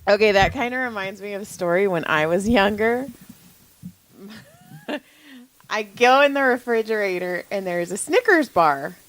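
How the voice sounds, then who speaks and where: A woman's voice: medium pitch, lively intonation, measured pace, a bit bright, low-quality recording. A middle-aged woman co-hosting a casual podcast, frank and swearing as she acts out a childhood story. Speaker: podcast co-host. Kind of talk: casual chat.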